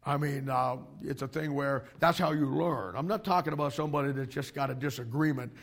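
A male pastor preaching to young ministry students, emphatic and animated, with frequent restarts. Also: mid-range voice, fairly quick.

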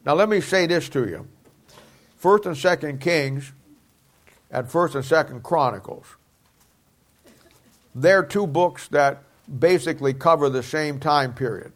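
A middle-aged man preaching a Bible teaching sermon, emphatic and repeating key phrases, dropping quieter at times. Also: a little high, a little slow, long pauses.

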